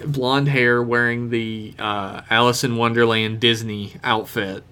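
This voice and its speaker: A man's voice: medium pitch, fairly even intonation, unhurried, bright, forceful tone, clean tone. A man co-hosting a podcast, chatting casually and jokily as he recaps a TV episode, laughing often and acting out quotes. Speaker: podcast co-host.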